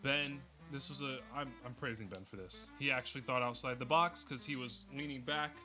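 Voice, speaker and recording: A man's voice: medium pitch, normal speed, pushed and bright, soft background music. A man casually reviewing a movie with a friend, arguing his points emphatically and swearing now and then.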